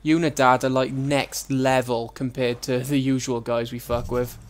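A man's voice: medium pitch, little pitch movement, moderate pace, slight background noise. A young man hosting a let's-play, chatting casually and swearing freely as he plays. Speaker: gaming channel host.

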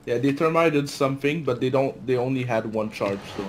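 A man on team voice chat fires off quick callouts and curses through a loud wash of noise. His voice sits at an ordinary middle pitch, buried under the hiss of the online chat. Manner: quick callouts, swears freely. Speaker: teammate. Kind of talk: team voice chat during a match.

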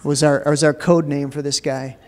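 A male pastor with a slightly high voice delivers a sermon, first telling a homely story in a relaxed way. He then builds to emphatic, impassioned preaching and repeats words as he gathers his thoughts. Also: normal speed. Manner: repeats words when starting phrases.

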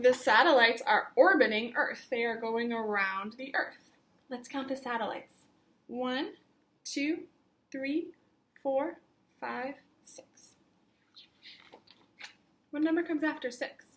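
High-voiced lady teacher reading a kids' book real slow, singsongy counting. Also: a bit bright. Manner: slow, sing-song storybook reading, counting along. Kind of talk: read-aloud lesson for young children.

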